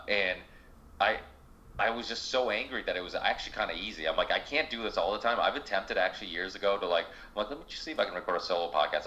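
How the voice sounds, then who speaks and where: A man's voice: low voice, fairly bright tone, lo-fi sound. A man hosting a podcast, talking casually in long rambling stretches, with frequent restarts and swearing. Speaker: podcast host. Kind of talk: casual interview chat.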